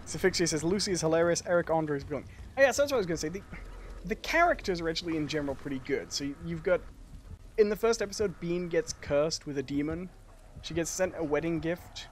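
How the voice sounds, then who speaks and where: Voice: mid-range voice, lively intonation, fast, slight background noise. Chatty host rambling on a live stream. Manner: chatty, hesitant, filler-heavy. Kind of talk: casual live-stream chat.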